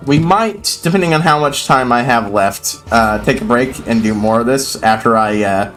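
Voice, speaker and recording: A man's voice: medium pitch, normal speed, fairly bright tone, soft background music. A man streaming a video game, chatting casually, swearing freely and reading quest text aloud. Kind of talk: casual gameplay commentary.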